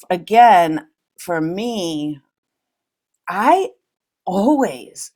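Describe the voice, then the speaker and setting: Slow, lively-pitched woman podcaster. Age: middle-aged. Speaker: podcast host. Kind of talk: reflective solo podcast talk.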